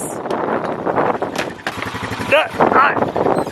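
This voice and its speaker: A man's voice: fairly high pitch, expressive, a little slow. A man in a casual family vlog outdoors, teasing and joking. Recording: noisy outdoor phone audio.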